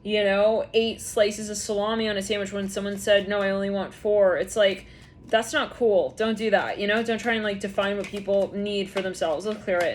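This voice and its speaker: A woman's voice: medium pitch, a little hiss or hum. A woman giving a casual, rambling tarot reading, talking freely with lots of filler words. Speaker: tarot reader.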